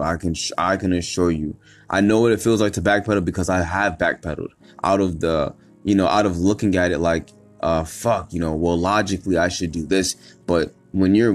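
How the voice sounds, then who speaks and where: A man hosting a solo motivational podcast, talking emphatically, swearing a lot and repeating himself as he pushes through. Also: sits low. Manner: emphatic, repetitive and profane, with many restarts. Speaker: podcast host.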